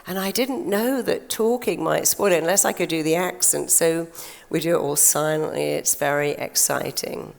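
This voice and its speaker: In a large conference hall with long reverb, an older woman tells stories on stage and acts out quotes for a live audience. Her voice is low with vocal fry, at a normal speed, and her manner is chatty.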